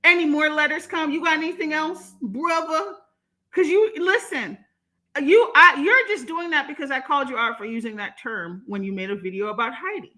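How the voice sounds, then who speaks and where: A young woman livestreaming, reading chat and ranting in a sassy, animated way, laughing between her points. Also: high voice, moderate pace. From Jamaica. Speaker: YouTuber reading live chat. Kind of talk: live-stream commentary.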